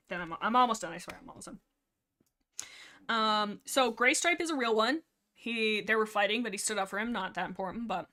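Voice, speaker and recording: A woman with a bright, ringing voice chatting loosely through a livestream book discussion. She giggles often, trails off and restarts her thoughts, and rambles with a playful, self-mocking ease. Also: medium pitch. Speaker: livestream host.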